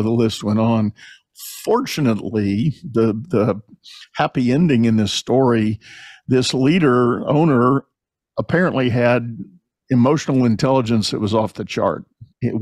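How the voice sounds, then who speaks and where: A male podcast host telling a story in an animated, conversational way, often repeating words as he starts a sentence. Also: mid-range voice, dry recording.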